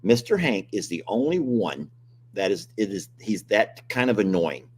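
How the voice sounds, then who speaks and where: A man's voice: on the low side, big pitch swings, moderate pace, a little mellow, slight background noise. An older man, hosting a casual live-stream chat, joking and complaining animatedly. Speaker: host.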